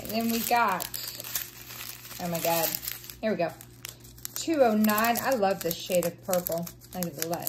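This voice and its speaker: A woman, chatting casually and gushing excitedly while unboxing craft supplies and reading out numbers. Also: medium pitch, slight background noise. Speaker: craft vlogger.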